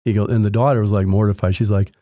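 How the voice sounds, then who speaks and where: A man's voice: on the low side, racing, no echo, studio quality. A man, a home inspector, telling anecdotes from his work in a conversational way and acting out the dialogue. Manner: animated anecdotes with acted-out dialogue. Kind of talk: conversational storytelling.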